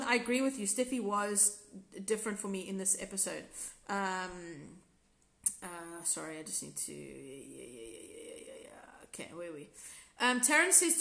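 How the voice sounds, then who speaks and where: South African woman, fairly high voice, rambling candid recap host, roomy echo. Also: a bit bright. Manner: rambling, self-correcting, candid. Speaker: episode reviewer and former contestant. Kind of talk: casual live recap chat reading viewer comments.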